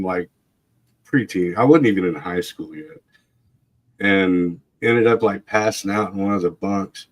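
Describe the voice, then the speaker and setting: A man casually telling a long story, rambling with fillers, laughing often and acting out other people's voices. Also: on the low side. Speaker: livestream guest.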